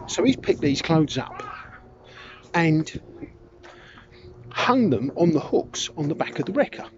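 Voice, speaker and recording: Chatty man telling anecdotes. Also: on the high side. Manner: chatty, wandering, self-correcting. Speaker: storyteller. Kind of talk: casual anecdote. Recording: dull lo-fi recording with background noise.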